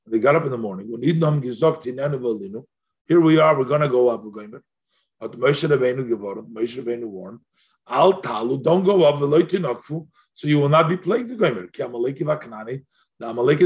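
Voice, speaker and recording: With a mid-range, slightly mellow voice, a man teaches Torah through a text-study lesson. He poses questions aloud, his pitch climbing on each, and sprinkles in Yiddish and Hebrew phrases.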